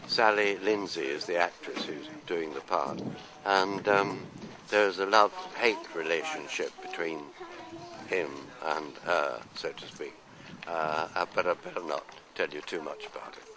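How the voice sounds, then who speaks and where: A man's voice: deep voice, measured pace, crowd noise, rough recording. An older man from London, an actor answering interview questions in a chatty, anecdotal, self-deprecating way.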